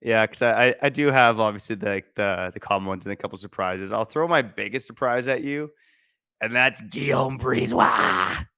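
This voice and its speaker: A man's voice: on the low side, moderate pace, bright, forceful tone, smooth, no echo, studio quality. A man co-hosting a casual sports podcast, laying out stats in a laid-back way and laughing easily. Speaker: podcast co-host.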